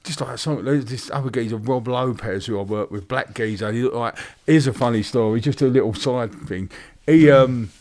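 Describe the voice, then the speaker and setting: A man's voice: medium pitch, fairly quick, few pauses, darkish tone. A man, co-hosting a podcast in casual chat, rambling through stories with many restarts and side tracks. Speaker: podcast co-host.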